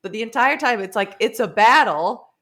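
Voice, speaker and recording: Woman, podcast co-host, playful storyteller, pitch jumping all over. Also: animated, moderate pace, fairly bright tone. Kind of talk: casual book-club chat.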